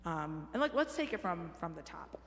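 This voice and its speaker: A woman runs a church choir rehearsal, offering relaxed, supportive pointers on diction and dynamics at a normal speed. Her lowish, creaky voice swings widely in pitch, captured in a roomy sanctuary with music in the background.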